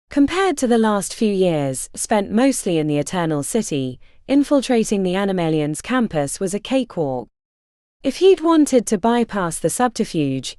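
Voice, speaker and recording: A woman narrating an unabridged fantasy audiobook in an expressive, measured storytelling manner. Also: medium pitch, no room sound, studio quality.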